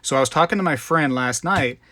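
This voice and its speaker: A man's voice: fairly high pitch, brisk, sharp tone, dry recording. A man hosting a live stream in casual, rambling chat, greeting viewers by name. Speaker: livestream host.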